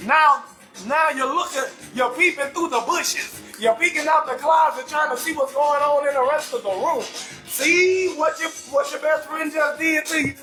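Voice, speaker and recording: A man from New Orleans with a New Orleans accent hosting a live comedy talk show, loud and animated, often shouting and cursing as he reads viewer comments. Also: very high-pitched, moderate pace, echoey room, faint music behind.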